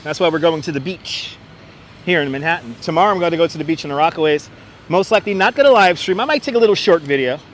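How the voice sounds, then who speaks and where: A man's voice: a little high, expressive, fast. A man giving a chatty live-streamed walking tour outdoors on city streets, greeting viewers by name, a little congested from being under the weather, on a wireless clip-on mic. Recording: faint street and traffic noise.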